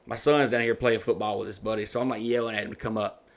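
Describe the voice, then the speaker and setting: A man's voice: lowish voice, fast. A man in his thirties, hosting a podcast, telling a story casually with lots of swearing and acted-out quotes. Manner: profane, animated retelling with put-on quotes. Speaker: podcast host.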